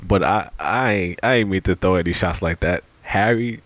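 A man from Brooklyn, co-hosting a casual podcast chat and telling stories in an animated, profane way. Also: low-pitched, normal speed, dry recording. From Brooklyn, New York. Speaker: podcast co-host.

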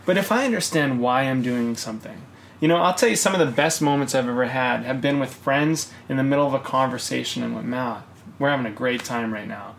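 A man co-hosting a podcast, ranting in casual chat, swearing often and rising into loud bursts. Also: mid-range voice, fairly quick, vocal fry, slight background noise. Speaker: podcast co-host.

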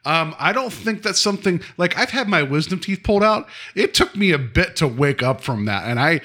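A man's voice: fairly high pitch, sing-song, a little fast, pushed and bright. A man casually recapping a TV episode with a co-host, rambling with many fillers and acting out quotes. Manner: rambling, lots of fillers, acts out quotes with laughs.

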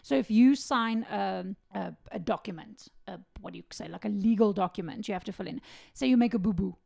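A woman's voice: mid-range voice, brisk, vocal fry, a little mellow. A woman co-hosting a casual true-crime podcast, reading out case details and adding blunt asides. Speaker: podcast co-host.

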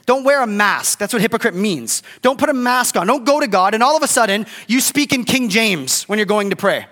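A man's voice: high-pitched, expressive, fairly quick, bright, forceful tone, long reverb tail. A middle-aged man preaching a casual, conversational sermon as a pastor, often checking in with "right?". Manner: conversational, keeps asking "right?".

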